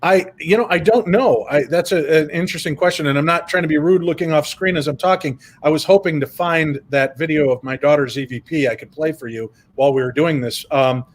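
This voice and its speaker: A man guesting on an interview over a video call, telling stories in an animated, casual way. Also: fairly high pitch, a little fast, few pauses. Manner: animated, retells events with quoted dialogue. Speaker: paranormal investigator guest.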